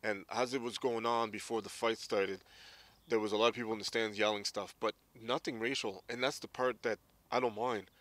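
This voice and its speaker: A man's voice: fairly low pitch, fairly even intonation, a little fast, a bit bright, no echo. A man around forty, a former hockey player, candidly recounting his memories in an interview. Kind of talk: casual interview storytelling.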